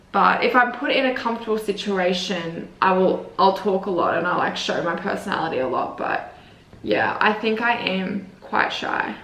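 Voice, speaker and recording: Young Australian woman vlogger, casual and filler-heavy, gravelly edge, roomy sound. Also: medium pitch, fairly bright tone. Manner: chatty, heavy use of "like" fillers. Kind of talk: casual chat answering viewer assumptions. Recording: roomy echo.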